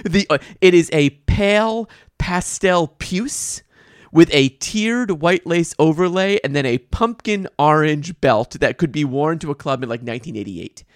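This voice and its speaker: Woman, podcast co-host, low voice, swinging intonation, sarcastic, casual movie chat. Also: expressive, a little slow, no room sound, studio quality. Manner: sarcastic, laughs often, swears.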